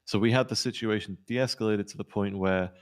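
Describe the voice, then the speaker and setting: Low-voiced man recounting an arrest. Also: steady tone, smooth. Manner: rapid storytelling, acts out quoted lines. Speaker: police officer in role-play. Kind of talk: in-character debrief recounting an incident.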